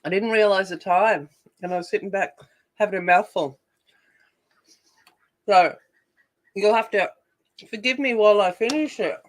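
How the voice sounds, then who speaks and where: An Australian woman hosting a casual colouring livestream. She chats while she works, greets viewers by name and thinks out loud. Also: mid-range voice, measured pace, long pauses. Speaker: adult colouring livestream host.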